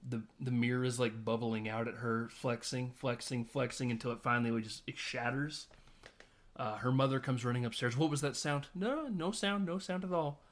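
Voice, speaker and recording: A man co-hosting a film podcast, recapping scenes in casual chat and acting out the characters' lines. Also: medium pitch. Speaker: podcast co-host.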